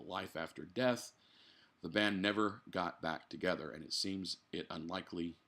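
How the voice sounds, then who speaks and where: A man with a low, fairly bright voice hosts a podcast from home, reading a news article aloud. Between sips of his drink, he cuts in with blunt asides and swears freely.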